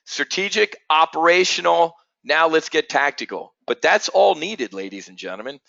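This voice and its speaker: A male trading webinar host with a forceful, bright voice, blunt and energetic, rambling as he goes. The audio is dull and lo-fi, with a dry, close sound and no room echo. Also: fairly high pitch, moderate pace, vocal fry. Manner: energetic, blunt, rambling, keeps calling out "folks". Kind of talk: live trading webinar talk.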